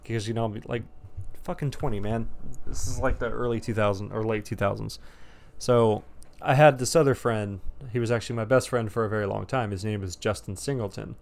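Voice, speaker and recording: A man's voice: on the low side, fairly even intonation, brisk, vocal fry. Rambling, profane man telling a story. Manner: rambling, profane, laid-back. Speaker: storyteller vlogger. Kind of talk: casual storytime.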